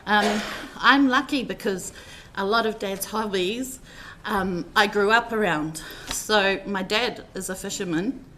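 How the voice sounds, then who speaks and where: A woman's voice: mid-range voice, measured pace, few pauses, sharp tone, a little hiss or hum. A woman telling personal stories in a heartfelt, rambling eulogy, with many fillers as she speaks. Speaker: family member giving a tribute at a funeral service.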